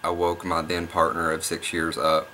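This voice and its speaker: A young man vlogging, rambling excitedly through a spooky personal story, often restarting and repeating himself. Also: low-pitched, moderate pace, a little hiss or hum. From Oklahoma. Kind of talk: casual storytelling vlog.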